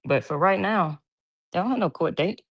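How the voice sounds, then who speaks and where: A woman with a low voice hosts a casual livestream from her home. She chats freely and reads viewers' comments aloud, laughing easily. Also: lively intonation, moderate pace, slightly rough. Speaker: livestream host.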